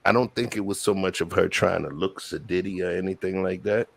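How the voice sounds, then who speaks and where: A man's voice: low-pitched, a little fast, vocal fry, no room sound. A man hosting a casual panel discussion, explaining his points emphatically and repeating words for weight.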